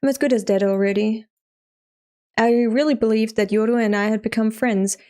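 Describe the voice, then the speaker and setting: A woman's voice: fairly high pitch, steady tone, moderate pace, darkish tone, lightly acted. A woman reading as a resigned teenage girl.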